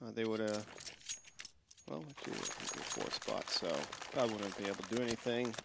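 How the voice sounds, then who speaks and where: A man's voice: on the low side, brisk, gravelly. Jokey male esports caster, noisy feed. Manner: joking, laughs often. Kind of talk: casual esports commentary.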